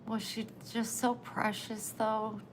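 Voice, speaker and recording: A woman's voice: on the high side, little pitch movement, takes it slowly, a little hiss or hum, low-quality recording. A woman livestreaming, chatting with her viewers in a tender, emotional, rambling way. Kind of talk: casual live chat.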